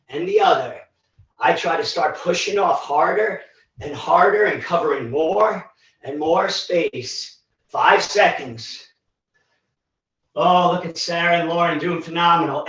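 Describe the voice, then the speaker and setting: A fitness instructor coaches a live virtual workout, out of breath and speaking slowly in a fairly high, fairly bright voice. He encourages, counts down reps and cues moves, heard through echoey, distant, dull livestream audio.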